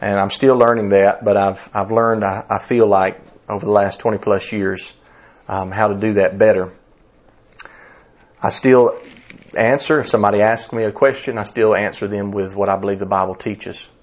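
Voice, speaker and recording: A man's voice: lowish voice, steady tone, moderate pace. A man in his thirties, a pastor preaching a conversational sermon, telling stories and asking rhetorical questions, often restarting his words.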